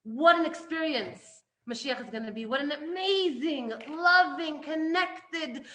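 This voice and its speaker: A woman giving an animated spiritual lesson, emphatic and full of restarts, swinging between loud and hushed. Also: high voice, measured pace. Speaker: Torah teacher.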